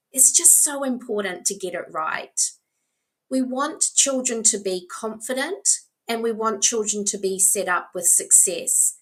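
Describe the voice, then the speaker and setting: A woman's voice: mid-range voice, a bit bright. A woman with a New Zealand accent, a reading specialist patiently explaining to parents how to teach a child to write their name. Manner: encouraging, slow and patient, demonstrating with letter tiles. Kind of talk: instructional talk to parents.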